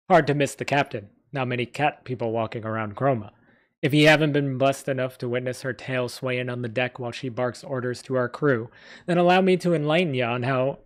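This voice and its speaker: A man's voice: mid-range voice, lightly acted. A man reading a fantasy story aloud as a male pirate crewmate telling his captain's tale, in a plain, unpracticed reading voice with small slips.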